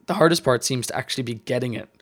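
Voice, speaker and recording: A man's voice: medium pitch, very fast. A man with an ordinary mid-range voice chatting on a podcast as a colorist. He sounds keen and talks loosely, peppering his speech with "like" and "um". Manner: enthusiastic, chatty, lots of "like". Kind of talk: casual podcast discussion.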